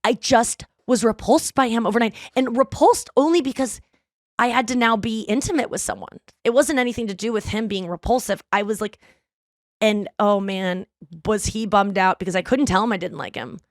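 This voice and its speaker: A woman in her thirties hosts a podcast and tells stories in a loose, chatty way. She swears freely and jumps into quoted voices with big swings in pitch. Her voice is recorded close and dry, with no room sound behind it. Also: normal speed, no echo. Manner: animated, profane, acts out quoted lines. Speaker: podcast host. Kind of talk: casual storytelling chat.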